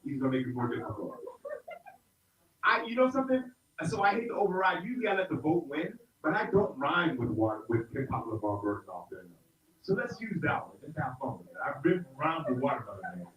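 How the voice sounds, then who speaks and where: A middle-aged man from South Carolina runs a lively hip-hop rhyming lesson, calling out to the group and getting them to answer back. His voice sits a little high. He is recorded from a distance in a roomy space, and the sound is muffled. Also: a little fast. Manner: upbeat call-and-response with a group, playful. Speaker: hip-hop teaching artist. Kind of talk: interactive workshop lesson. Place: indoor room with an audience.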